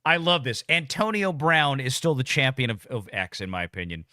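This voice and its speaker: Brief: male host, lively up-and-down delivery, bright, dry close sound, rambling casual talk. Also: medium pitch, a little fast, dry recording. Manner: rambling, frequent restarts, laughs easily. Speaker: host of a live political talk stream. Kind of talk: casual political chat.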